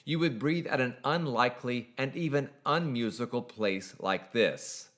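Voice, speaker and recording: A man narrating a scripted singing lesson in a measured, precise, explanatory way. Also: mid-range voice, a bit bright. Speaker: singing teacher.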